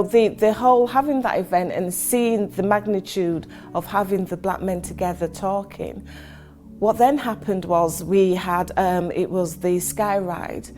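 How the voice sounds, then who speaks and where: Mellow-voiced woman telling stories. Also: medium pitch. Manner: storytelling, conversational with fillers. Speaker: charity chief executive. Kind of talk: interview testimony.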